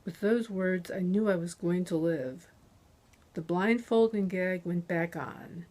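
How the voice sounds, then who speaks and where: Woman author, slow and deliberate reading of her crime novel, close on a dynamic mic. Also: lowish voice, darkish tone. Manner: measured, deliberate narration. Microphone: close handheld dynamic USB mic.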